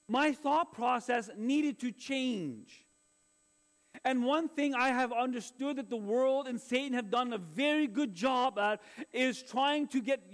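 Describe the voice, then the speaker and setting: A middle-aged male pastor preaching a sermon in an earnest, confessional way, often restarting his phrases. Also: very high voice.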